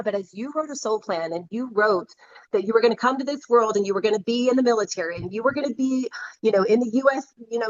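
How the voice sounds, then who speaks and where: A woman guest on an interview show, telling a long story in a lively, chatty way with many fillers, over a video call. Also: medium pitch, highs cut off. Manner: animated, many fillers like "you know". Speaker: psychic medium guest.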